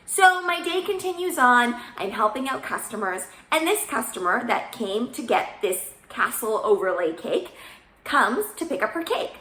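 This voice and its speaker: A young woman with a bright, ringing voice tells a story in a chatty, lively way, acting out the dialogue. Her voice sits a little high, and the room around her is echoey. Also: moderate pace. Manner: chatty, animated retelling with quoted dialogue. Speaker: baker, channel host. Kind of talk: casual storytelling.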